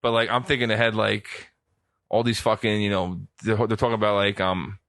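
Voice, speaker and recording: A man's voice: fairly low pitch, level tone, fairly quick, fairly bright tone, no room sound, clean studio sound. Blunt joking podcast guy. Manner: blunt, joking, swears a lot. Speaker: podcast co-host. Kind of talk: casual podcast chat.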